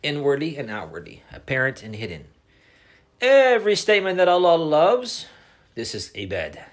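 A man's voice: on the high side, fairly bright tone. A man teaching a religious class, repeating his points, mixing in Arabic phrases and asking students questions. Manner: mixes Arabic phrases into English. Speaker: Islamic teacher. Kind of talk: classroom lesson.

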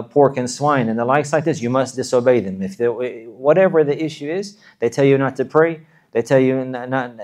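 A man giving an earnest sermon, often repeating and restarting phrases and chanting short verses quickly. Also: medium pitch, a little mellow. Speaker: Islamic preacher.

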